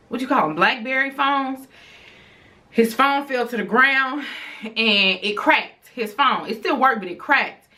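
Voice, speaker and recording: Bright-voiced woman telling a heated story. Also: on the high side. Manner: animated, outspoken, slangy retelling with lots of "I'm like". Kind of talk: casual storytime retelling.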